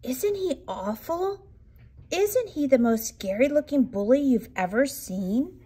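A woman's voice: high-pitched, expressive, takes it slowly, mellow, slightly rough, pitched above the performer's own voice, full character voice. A woman voicing a timid boy raccoon cub. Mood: scared. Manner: pleading, worried.

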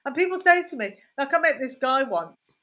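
A woman's voice: high voice, moderate pace. A woman comedian with a Birmingham accent, telling rambling, anecdotal stories in a casual podcast chat. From Birmingham, England. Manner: rambling, anecdotal storytelling with lively asides. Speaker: comedian guest.

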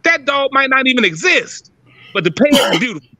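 Older male co-host, profane emphatic ranter, bright cutting tone, dry close mic. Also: extremely high pitch, a little fast, no echo. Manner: profane, emphatic, animated rant. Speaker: podcast co-host. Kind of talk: heated casual talk.

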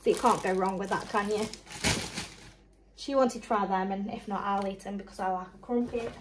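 A woman's voice: mid-range voice, fairly even intonation, fairly quick, noisy background. A young woman and mum chatting casually through a shopping haul, rambling along and listing prices with small laughs. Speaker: mum and vlogger.

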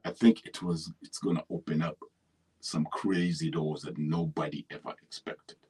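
With a bass voice that's slightly rough, a middle-aged man with a Kenyan accent speaks at normal speed as an interview guest. The actor and writer rambles, restarts often, and turns animated when storytelling; the conversational interview is captured in low quality.

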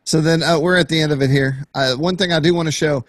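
A man's voice: a little high, steady tone, fast talker, no room sound, clean studio sound. A man co-hosting a casual hobby show, chatting eagerly over his video clips. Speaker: co-host. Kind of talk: casual chat.

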